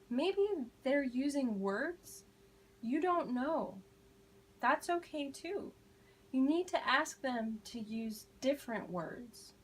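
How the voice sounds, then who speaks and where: Slow-speaking woman teaching a class. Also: high voice, breathy edge, rough recording. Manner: slow, deliberate modeling of phrases, encouraging praise. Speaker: ESL teacher.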